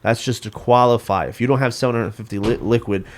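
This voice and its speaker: A man's voice: medium pitch, fairly even intonation, fast talker. A man ranting in casual podcast talk, stumbling over his words and restarting often. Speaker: podcast guest. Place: home studio.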